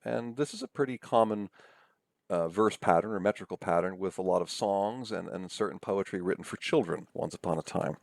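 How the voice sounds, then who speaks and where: A man's voice: low voice, a little fast, vocal fry, dry recording, clean studio sound. A man lecturing over slides in a conversational way, often checking in with "right?" and "okay?".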